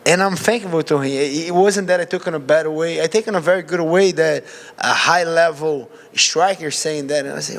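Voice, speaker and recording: A man's voice: on the high side, fairly quick, creaky. A man from Brazil with a Brazilian Portuguese accent, a fighter answering press questions and acting out his own reactions. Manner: animated, acts out his own reactions in quotes.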